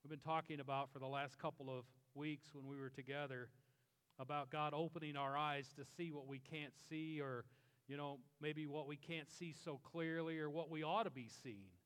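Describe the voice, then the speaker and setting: A middle-aged male pastor preaching with an earnest, storytelling manner, slowing down for emphasis. His voice is fairly high and smooth. It carries the long reverb of a large hall. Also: steady tone, fairly bright tone. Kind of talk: sermon.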